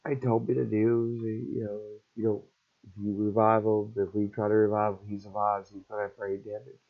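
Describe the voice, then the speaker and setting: A middle-aged man telling an emotional personal story in a halting, repetitive, raw way. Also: on the low side, flat delivery, vocal fry. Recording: dull lo-fi recording.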